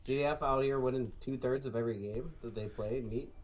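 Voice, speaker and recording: A man's voice: medium pitch, quick pace, lo-fi sound, a crowd in the background. Easygoing American man co-commentating. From Chicago, USA. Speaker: co-caster. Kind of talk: casual game commentary.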